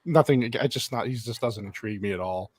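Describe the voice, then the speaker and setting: A man's voice: on the low side, quick pace, no echo, clean studio sound. A man hosting a casual movie watch-along, laughing often and swearing freely as he retells scenes. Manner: laughing, profane, animated retelling.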